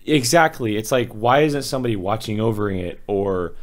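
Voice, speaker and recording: A man with a very deep voice reviews a film in a relaxed podcast conversation. He sounds exasperated and critical, mimicking the people he disagrees with. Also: normal speed. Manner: critical, exasperated, acts out quotes. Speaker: movie reviewer. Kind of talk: casual podcast chat.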